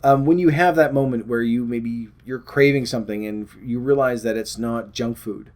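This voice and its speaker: A man's voice: mid-range voice, normal speed, darkish tone. Rambling, chatty man vlogging to camera. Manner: rambling, self-deprecating, chatty. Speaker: weight loss vlogger. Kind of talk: casual chat to camera.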